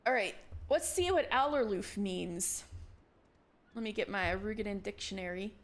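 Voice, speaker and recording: A woman's voice: mid-range voice, normal speed. Chatty woman game streamer. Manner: chatty, musing aloud. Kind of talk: casual game-stream chat.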